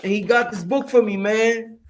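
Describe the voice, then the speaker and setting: A man raised in Brooklyn hosts a casual livestream and talks straight to his viewers. His voice sits a bit high for a man. His delivery is streetwise and full of profanity, and he gets animated as he answers the chat. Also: normal speed. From Brooklyn, New York.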